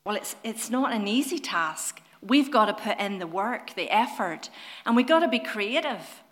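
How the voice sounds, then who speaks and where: A woman preaching a sermon in an earnest, gentle way, often putting questions to her listeners. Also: mid-range voice, animated, normal speed.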